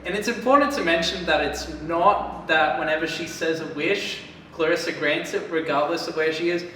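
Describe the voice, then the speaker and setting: A man's voice: a little high, moderate pace, bright, forceful tone, recorded from a distance. A man co-hosting a podcast in casual chat, dryly correcting and filling in story details. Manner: dry, corrects and adds plot details. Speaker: podcast co-host. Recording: echoey room, off-mic, faint noise.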